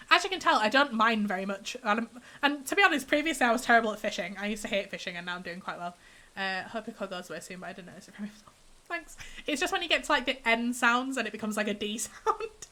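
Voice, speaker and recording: A young woman with a cold, her voice a little higher than most and bright, with an edge to it. She chats casually on a live game stream and answers her viewers' messages as they come in. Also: expressive, fast talker. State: has a cold, congested. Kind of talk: casual live-stream chat while gaming.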